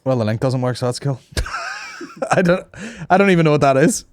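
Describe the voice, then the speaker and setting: A man's voice: fairly high pitch, wildly swooping pitch, moderate pace, no room sound, studio quality. A man hosting a comedy podcast, telling stories in casual, sweary banter and slipping into mock voices. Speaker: podcast host.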